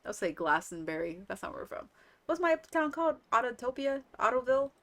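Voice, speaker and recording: A young adult woman chatting playfully through casual gaming commentary, with quick asides. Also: fairly high pitch, very animated, a little hiss or hum. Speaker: let's play streamer.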